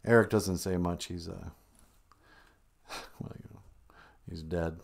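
A man's voice: deep voice, steady tone, takes it slowly, gravelly. A man hosting a live stream, chatting casually in a jokey, teasing, rambling way.

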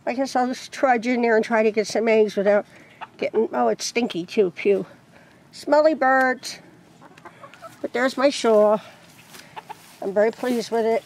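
A woman vlogging outdoors beside her chicken coop, in a higher-than-average voice. She chats loosely and rambles from one thing to the next, breaking into laughs often. Chickens cluck in the background. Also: steady tone, normal speed, a little mellow. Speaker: crochet vlogger. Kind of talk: casual vlog chat.

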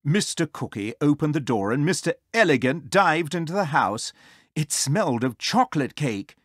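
Storybook narrator, children's read-aloud, lively pitch, dry close sound. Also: moderate pace, dry recording. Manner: expressive, sing-song.

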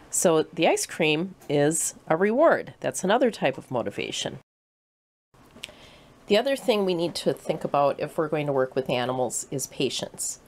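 A woman educator giving a clear, patient talk to children, explaining ideas with vivid everyday examples. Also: low-pitched, a little mellow. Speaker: animal shelter educator.

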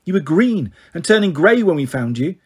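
A man putting on a blunt, sharp-tongued young girl from a storybook, clipped in her speech. The voice is raised in pitch and slightly husky. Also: big pitch swings, normal speed. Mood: blunt, worried. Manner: blunt, clipped, faltering when upset. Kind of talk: audiobook character reading.

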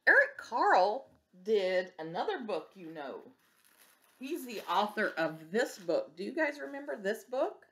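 A woman preschool teacher reading a picture book aloud to young children, gentle and expressive, asking them questions. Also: medium pitch, measured pace.

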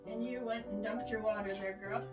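An older woman showing her rabbits in a casual vlog, rambling with fillers and talking softly to the animals, recorded in a shed. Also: mid-range voice, steady tone, a little fast. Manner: soothing, coaxing with animals. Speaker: homesteader. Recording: echoey, distant from the mic, music behind.

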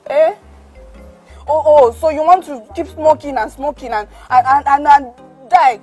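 A woman's voice: high-pitched, measured pace, a little mellow, faint music behind. A woman playing a caring young girlfriend who pleads emotionally and repeats her words. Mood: pleading.

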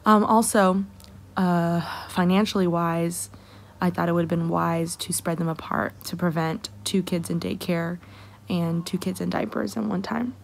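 Soft-spoken woman with a gravelly low voice. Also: fairly even intonation, unhurried, a little hiss or hum. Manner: soft, emotional, many fillers. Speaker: vlogger. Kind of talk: personal vlog, confessional.

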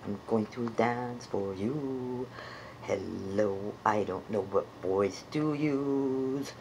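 A woman's voice: extremely low pitch, extremely slow, darkish tone, a little hiss or hum, pitched below the performer's own voice, heavily acted. A woman voicing a shy blue furry puppet creature, unsure and playful as she searches for its voice in improvised comedy. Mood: silly.

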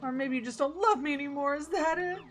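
A woman's voice: high-pitched, quick pace, a little hiss or hum, pitched above the performer's own voice, lightly acted. A woman voicing a clingy, dramatic female video game character who pouts and makes demands of her husband. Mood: pouty. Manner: melodramatic, pouty.

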